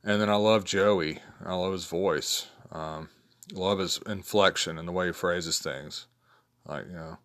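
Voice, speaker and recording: A man's voice: steady tone, unhurried, fairly bright tone. A man in his fifties talking casually and rambling through his favorite picks, with plenty of fillers and restarts. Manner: rambling, low-key, many fillers and restarts. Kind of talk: casual spoken list of favorites.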